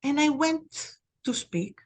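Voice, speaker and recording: A middle-aged woman from Greece, a podcast guest telling stories in a lively way and acting out the dialogue. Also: sits high, slow pace. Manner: animated storyteller, reenacts dialogue. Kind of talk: storytelling interview.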